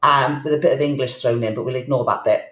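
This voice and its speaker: A woman's voice: very deep voice, fairly even intonation, fast, fairly bright tone. Reflective middle-aged woman in a roomy space. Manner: emotional, reflective, with frequent restarts. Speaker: podcast guest. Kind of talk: candid conversational storytelling. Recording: roomy echo.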